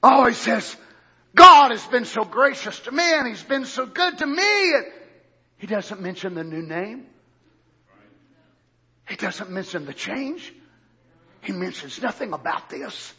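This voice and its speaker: A man preaching a sermon, swinging from low murmurs to loud shouted lines. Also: expressive, unhurried, long pauses, breathy edge, muffled recording.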